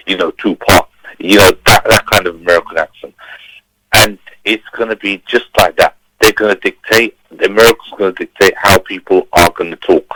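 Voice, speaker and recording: A man's voice: deep voice, sharp tone, rough recording. A man calling in to a community radio talk show, ranting emphatically and repeating himself. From Turkey. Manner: emphatic, repetitive, preachy. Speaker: caller. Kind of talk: impassioned phone-in rant.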